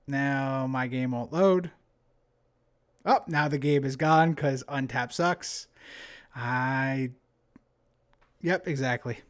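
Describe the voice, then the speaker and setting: A young man with a New Jersey accent talks through a card game match on a live stream. His delivery is loose and conversational, with plenty of fillers and restarts, at a mid-range pitch. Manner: casual, chatty, with frequent fillers and restarts. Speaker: game commentator.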